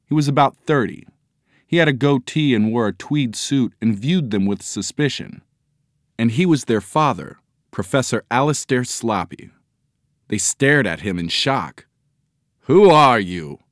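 A man narrating a children's story in a measured, expressive audiobook reading. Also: mid-range voice, dry recording, studio quality.

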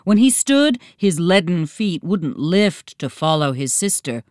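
A woman reading a storybook aloud in a slow, dramatic, expressive manner. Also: fairly low pitch, no echo, studio quality. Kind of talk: scripted storybook narration.

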